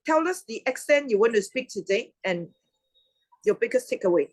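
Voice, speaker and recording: A woman hosting an online club meeting over a video call, chatty and quick to laugh. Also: fairly high pitch, lively intonation, darkish tone, dry recording, low-quality recording. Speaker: meeting host.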